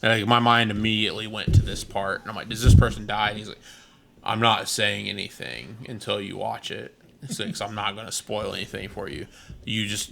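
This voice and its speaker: On a casual podcast, a male co-host with a gravelly, somewhat low voice tells stories and acts out what people said, with lots of animation. The recording is very noisy.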